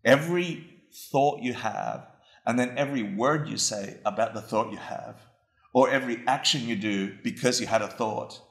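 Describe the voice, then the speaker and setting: A dharma teacher gives an informal talk in an echoey room, speaking at normal speed with a medium pitch and vocal fry. He's conversational and self-mocking, frequently asking his listeners questions.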